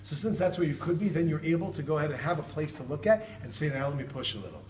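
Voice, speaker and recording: Brief: animated male rabbi, story-driven sermon, distant mic, roomy echo. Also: a little high, fast talker. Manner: animated, acts out quoted voices, laughs often. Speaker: rabbi giving a talk. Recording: echoey room, distant mic, loud background noise.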